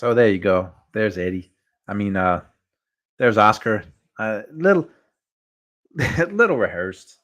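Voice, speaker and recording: A man hosting a boxing talk show, speaking in a relaxed, rambling way. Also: lowish voice, slow pace, long pauses. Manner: relaxed, rambling, chuckles often. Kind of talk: casual boxing chat.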